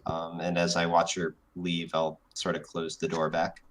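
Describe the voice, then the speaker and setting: A man playing in a live-streamed tabletop game, describing his character's actions in a plain, relaxed way. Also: deep voice, normal speed. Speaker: player. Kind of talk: casual tabletop game play.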